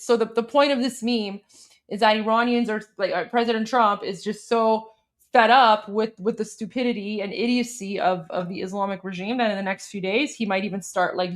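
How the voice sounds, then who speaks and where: A woman from Iran hosting a casual livestream, talking loosely with lots of fillers and restarts as she explains a meme. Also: medium pitch. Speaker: host.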